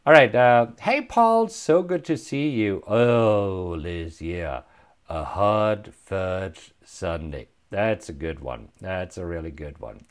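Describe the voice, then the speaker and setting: A man with a German accent hosting a live stream, reading viewer comments in an upbeat, chatty way with frequent chuckles. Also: mid-range voice. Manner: upbeat, chuckles often, many filler uhs. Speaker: host.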